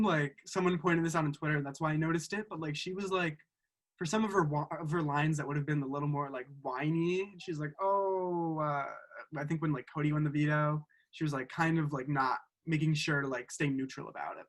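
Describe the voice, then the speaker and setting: A man's voice: a little high, fairly even intonation, quick pace, fairly bright tone. A man hosting a casual podcast over a remote call, talking eagerly like a fan. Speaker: podcast host. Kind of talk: casual chat.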